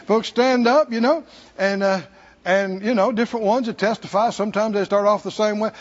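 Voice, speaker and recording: A man's voice: high voice, fairly quick, muffled recording. A man with a Southern American accent preaching a sermon in a church, folksy and humorous, chuckling between points. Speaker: pastor. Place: church sanctuary.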